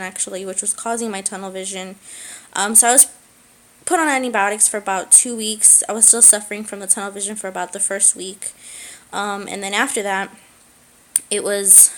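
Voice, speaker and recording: A young woman speaking in a halting personal vlog, with many pauses and fillers, close to tears. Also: medium pitch, little pitch movement, a bit bright, low-quality recording. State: tearful. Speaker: vlogger.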